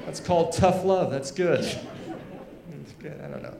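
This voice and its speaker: Young male stand-up comic, slightly high voice, loose chatty delivery, roomy live sound. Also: slow, creaky, crowd noise. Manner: conversational, lots of fillers and asides. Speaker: stand-up comedian. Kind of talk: stand-up comedy set. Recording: echoey live room.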